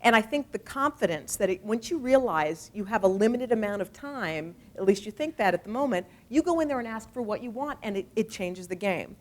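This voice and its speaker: Woman, TV anchor, personal storytelling, candid, animated, conversational asides, medium-pitched voice. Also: a little fast, hardly any pauses. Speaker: TV morning show anchor.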